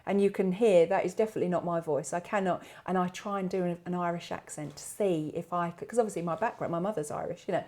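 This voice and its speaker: A woman's voice: on the low side, quick pace, hardly any pauses, warm tone. A woman working as a trance medium, talking casually in an interview, chatty and full of fillers and restarts. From England. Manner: chatty, laughs often, many fillers and restarts.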